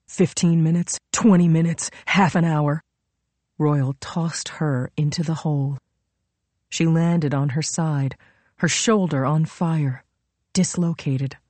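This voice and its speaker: A woman narrating a story in a measured, dramatic way on a close mic. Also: low-pitched, warm tone, no echo. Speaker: audiobook narrator. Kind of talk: scripted narration.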